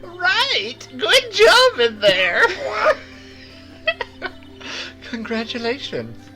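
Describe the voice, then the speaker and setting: A woman voicing a calm, encouraging woman lawyer mentor in a fan voice-over of a game, with a steady coaching tone. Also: on the low side, a little slow. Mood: pleased. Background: game music.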